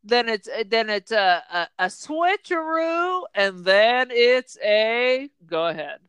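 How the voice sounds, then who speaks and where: Woman cohost, smooth bright voice, lots of restarts, blunt. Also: fairly high pitch, animated, no echo. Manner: halting, many restarts, blunt opinions. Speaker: podcast co-host. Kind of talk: casual chat.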